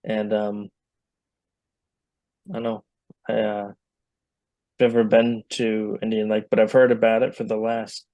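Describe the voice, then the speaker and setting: A man co-hosting a podcast, responding in slow, hesitant casual chat with fillers. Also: on the low side, flat delivery, warm tone, dry recording. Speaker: podcast co-host.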